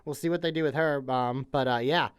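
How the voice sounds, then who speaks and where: A man's voice: mid-range voice, brisk, smooth. A young man co-hosting a wrestling podcast, chatting casually and leaning on "literally" and "like.". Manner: chatty, says "literally" and "like" a lot. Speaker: podcast co-host. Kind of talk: casual chat.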